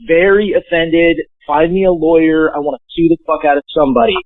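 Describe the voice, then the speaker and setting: A man chatting as a guest over a tinny, phone-like line with a dry sound. His voice sits fairly high for a man. He jokes and swears freely, and his stories come out animated. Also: fast talker, no echo. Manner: profane, joking, animated storyteller. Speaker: podcast guest. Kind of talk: casual chat.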